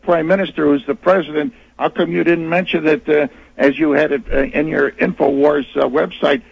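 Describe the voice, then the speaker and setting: A man's voice: a little high, level tone, vocal fry, slightly rough, no room sound. A male caller to a radio show, speaking hesitantly with many restarts. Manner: hesitant, halting, full of restarts. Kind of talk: call-in radio. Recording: dull lo-fi phone line.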